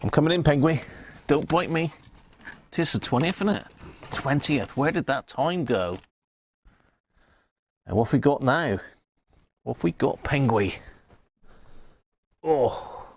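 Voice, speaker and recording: A man's voice: mid-range voice, expressive, measured pace, pauses often, slightly rough. A man hosting a casual livestream, chatting with viewers by name and stumbling over unfamiliar words. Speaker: livestream host. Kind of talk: casual live chat.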